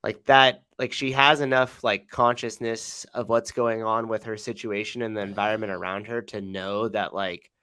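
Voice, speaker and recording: A man's voice: on the low side, steady tone, normal speed, hardly any pauses, pushed and bright, clean tone, no room sound. A man co-hosting a podcast who talks in a reflective way, full of "like", and swears casually. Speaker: podcast co-host.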